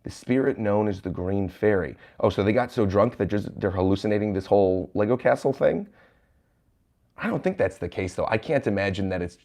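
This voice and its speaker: A man's voice: fairly low pitch, warm tone. A man streaming from a hotel room, reading manga panels aloud and reacting, chuckling often. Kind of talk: livestream manga chapter reaction.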